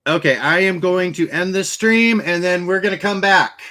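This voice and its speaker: A man hosting a casual livestream in a fairly high voice, chatting loosely with viewers. He talks in quick bursts and restarts his sentences often. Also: pushed and bright. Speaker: livestream host.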